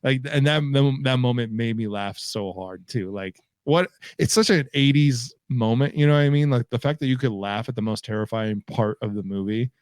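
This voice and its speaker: A man's voice: medium pitch, moderate pace, hardly any pauses, no room sound. Easygoing man in a dry recording. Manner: loose, filler-heavy, says "you know what I mean" a lot. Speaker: podcast co-host. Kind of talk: casual film chat.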